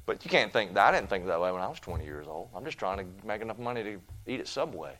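A man preaching a sermon in a church, folksy and animated, with homespun asides. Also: deep voice, quick pace.

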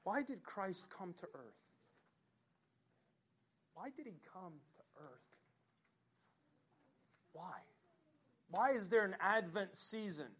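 A man preaching from the pulpit in a slow, deliberate sermon. His voice sits a little high for a man. He swings from ringing emphasis down to hushed, low passages. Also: lively intonation, husky. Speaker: pastor.

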